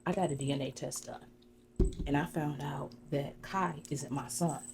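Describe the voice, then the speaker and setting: A woman voicing a wronged young man who confronts people bluntly in a gossip role-play, with steady hiss behind. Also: low-pitched, moderate pace.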